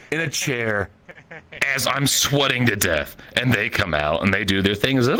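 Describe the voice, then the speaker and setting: A man's voice: on the low side, animated, moderate pace, sharp tone. A man telling a crude, profane story as a stand-up comedian, from the Midwest United States.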